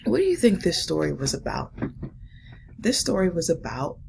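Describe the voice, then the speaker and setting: Woman, first grade teacher, low gravelly voice, encouraging, phonics lesson. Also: very animated, noisy background. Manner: slow, patient, encouraging teacher talk to young children. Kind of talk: remote phonics lesson and read-aloud.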